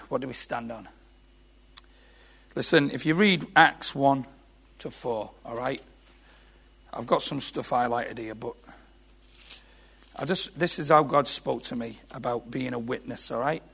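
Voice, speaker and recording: A man's voice: medium pitch, creaky, husky. A man preaching an impassioned sermon, repeating phrases and building to emphatic peaks. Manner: impassioned, repetitive, rising to shouts.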